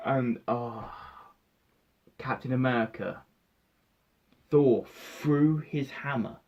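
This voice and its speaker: A young man recounting a film in excited casual talk, swearing freely and acting out his own reactions. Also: medium pitch, takes it slowly, lo-fi sound, a little hiss or hum. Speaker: vlogger reviewing a film.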